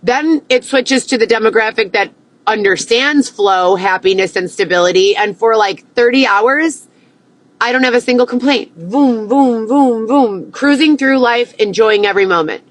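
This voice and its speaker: Young woman, ranting vlog, profane and agitated, slightly high voice, dry close sound. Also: moderate pace, no room sound, rough recording. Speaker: vlogger. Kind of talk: ranting monologue to camera.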